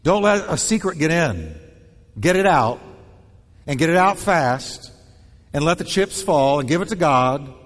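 A man preaching a sermon with a fairly high voice that leaps up and down in pitch. He drives his points home in short, punchy bursts and repeats key lines. His voice rings out with a long reverb, as if he were speaking in a large hall. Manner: animated, punchy delivery with repeated short phrases. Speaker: pastor.

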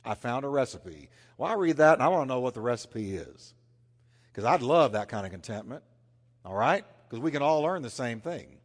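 A man preaching a sermon, swinging between loud emphasis and hushed, intense passages. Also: medium pitch, sing-song, moderate pace. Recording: long hall reverb.

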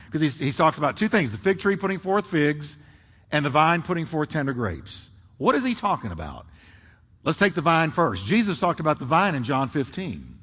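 A man preaching a sermon, swinging between booming emphasis and hushed, drawn-out phrases. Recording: long hall reverb.

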